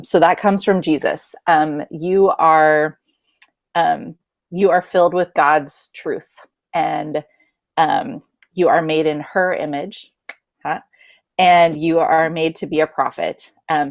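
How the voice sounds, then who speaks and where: Woman teacher, low voice, halting sincere blessing, dry sound. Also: no echo. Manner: halting, many ums, sincere. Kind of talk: heartfelt blessing speech.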